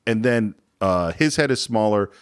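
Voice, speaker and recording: Low-voiced male co-host, lively pitch, retells scenes in animated film chat. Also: normal speed, clean tone. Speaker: podcast co-host. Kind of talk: casual film discussion.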